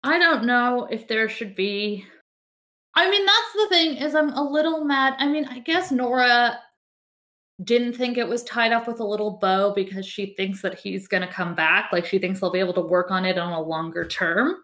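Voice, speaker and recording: A woman's voice: fairly high pitch, normal speed, a bit bright. A woman co-hosting a TV recap podcast, talking things through thoughtfully and hedging with "I mean.". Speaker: podcast co-host. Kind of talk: casual TV recap chat.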